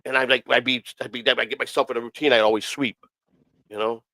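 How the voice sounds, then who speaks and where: A man spins a loose, profane story at a rapid clip, circling back and repeating lines as he goes. His voice sits in a middle pitch, and the recording is dry and close with no room sound. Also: flat delivery, bright, forceful tone, no room sound, poor audio. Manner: profane, rambling, repeats himself. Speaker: podcast host. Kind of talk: casual storytelling.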